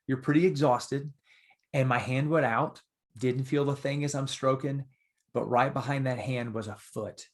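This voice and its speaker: A man guesting on a podcast, telling stories in a casual, animated and earnest way. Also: mid-range voice, moderate pace. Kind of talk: casual storytelling.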